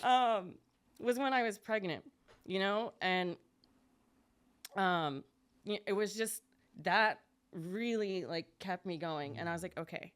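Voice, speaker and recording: A young adult woman, a podcast guest, telling her story in casual chat, chatty and quick, jumping higher when she acts out what others said. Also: clear, resonant tone.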